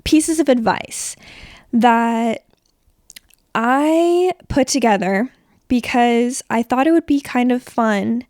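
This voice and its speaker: Woman, mid-20s, podcast host. Casual, rambling, a touch under the weather; fairly high pitch, close dry recording. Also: slow pace, darkish tone, no echo. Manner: chatty, rambling, filler-heavy. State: sick, voice a little rough. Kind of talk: casual solo podcast chat. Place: bedroom.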